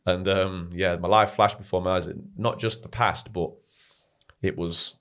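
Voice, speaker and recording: A young man, a podcast guest telling a personal story in a casual, animated way, peppered with "mate" and swearing. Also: sits low, measured pace, clear, resonant tone.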